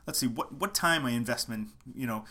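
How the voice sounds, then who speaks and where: In a sharp, mid-range voice and a little fast, a musician who teaches online marketing gives a casual talk to camera. It's late at night at home, and he's passionate, repeating his points to hammer them in.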